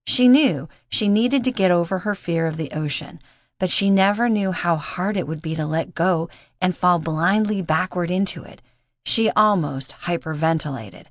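A woman narrating an audiobook in a steady, measured reading voice. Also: lowish voice, no echo, studio quality. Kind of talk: scripted narration.

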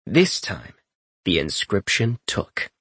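A man reading a fantasy audiobook in steady, even storytelling narration. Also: low-pitched, slow pace, slightly rough, no echo.

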